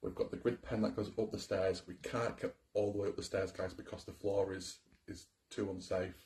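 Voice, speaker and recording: A man's voice: low-pitched, fairly even intonation, a little fast, a little mellow. A man co-hosting a ghost hunt livestream, welcoming viewers and explaining the equipment set up in an old cottage. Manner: upbeat presenter, explains the setup, laughs easily. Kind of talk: casual livestream presenting. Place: old abandoned cottage, indoors.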